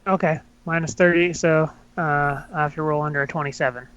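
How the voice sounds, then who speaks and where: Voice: medium pitch, steady tone, brisk, highs cut off, a little hiss or hum. A player in a tabletop role-playing game, talking casually and thinking aloud while deciding moves.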